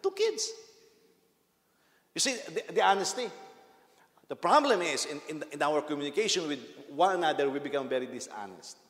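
A man's voice: a little high, sing-song, moderate pace, pauses often, fairly bright tone. A man preaching a sermon as pastor, telling a story and laughing at it as he goes. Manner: storytelling, laughs at his own anecdotes, acts out quotes. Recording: echoey hall with long reverb.

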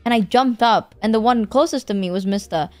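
A young woman streamer from Indonesia with a fairly high voice rambles through a casual story, packing it with fillers and cheerful swearing. Her close, dry mic sits over faint background music. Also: fairly quick, dry recording. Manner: animated, laughs through her words.

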